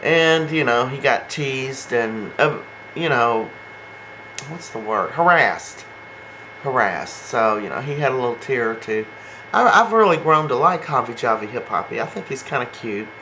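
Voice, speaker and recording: Chatty man with a bright voice. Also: medium pitch, animated, normal speed, a little hiss or hum, rough recording. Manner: gossipy and chatty, retells scenes with quotes. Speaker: soap opera recap host. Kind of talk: casual chat recapping an episode.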